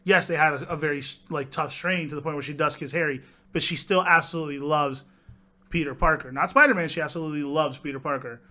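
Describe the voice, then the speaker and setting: A man's voice: a little high, fairly even intonation, fast talker, sharp tone. A young man co-hosting a casual movie podcast, enthusiastic, swearing casually and arguing his point. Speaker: podcast co-host.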